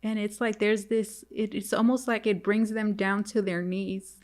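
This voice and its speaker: A woman giving a casual tarot reading to viewers, halting and repetitive, often turning to address them directly. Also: medium pitch, flat delivery, a little mellow. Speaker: tarot reader.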